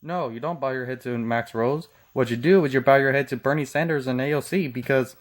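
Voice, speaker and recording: A man's voice: medium pitch, fairly quick, few pauses. A man from Texas giving mocking, sarcastic reaction commentary with frequent profanity. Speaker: commentary channel host.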